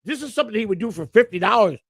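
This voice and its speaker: Gravelly rambling man on a livestream. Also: sits high, expressive, rapid-fire, dry recording. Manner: rambling, boastful, repeats words. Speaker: co-host. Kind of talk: casual livestream chat.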